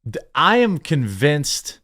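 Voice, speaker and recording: Here the commentary channel host sounds higher, sing-song, slow, and pushed and bright. He quotes passages from an article in his online video and fires back with scornful indignation.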